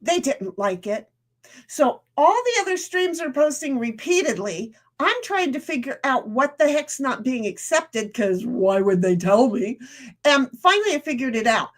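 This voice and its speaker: High-voiced woman chatting on stream. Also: big pitch swings, normal speed. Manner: rambling, reads viewer comments aloud; talks while eating. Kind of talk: casual live-stream chat.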